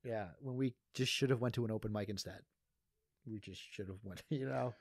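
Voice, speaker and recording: A man's voice: on the low side, brisk, no room sound, clean studio sound. A young adult male comedian from Massachusetts who tells a podcast story casually and rambles, laughing often and asking "you know what I mean". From Massachusetts, USA. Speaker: comedian guest.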